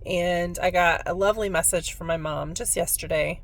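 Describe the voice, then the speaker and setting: A woman's voice: fairly low pitch, fairly even intonation, moderate pace. A woman who works as a spiritual medium, telling a personal story in a heartfelt, reflective way on her vlog.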